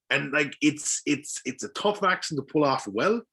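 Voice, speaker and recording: An Irish man, a voice actor on a podcast, chatting casually in an animated way, swearing freely and laughing often. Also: fairly high pitch, normal speed, gravelly, slightly rough. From Ireland. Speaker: voice actor guest.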